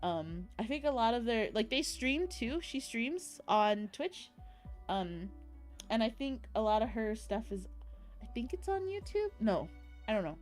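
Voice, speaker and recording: A woman's voice: a little high, very animated, a little slow. Young woman streamer, casual and chatty, cutesy baby-talk words, faint music behind. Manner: bubbly, rambling, giggly, cutesy baby talk. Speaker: streamer recapping an event. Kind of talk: casual chat.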